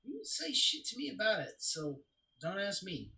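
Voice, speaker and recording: A man's voice: high voice, huge pitch swings, normal speed, full character voice, low-quality recording. An actor playing a young man who recounts his father's death in a confessional, storytelling way during a stage play reading. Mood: wry. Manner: confessional storytelling, swings to loud anguish.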